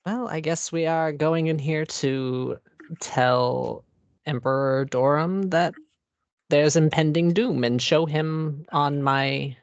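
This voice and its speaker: Male player, halting casual speech, dry dull lo-fi recording. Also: fairly high pitch, clean tone, no room sound. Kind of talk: casual chat.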